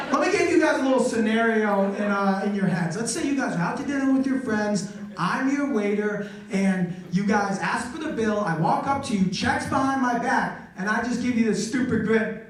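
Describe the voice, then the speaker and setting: Man, stand-up comedian, loud animated storytelling, echoey venue. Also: high-pitched, fairly quick. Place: college theater stage with audience. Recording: echoey live venue, mic from a distance.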